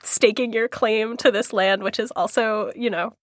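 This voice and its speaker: Woman guest, fairly high voice, agreeable and casual, dry sound. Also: steady tone, moderate pace, no echo. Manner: agreeable, light laughs. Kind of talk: casual advice chat.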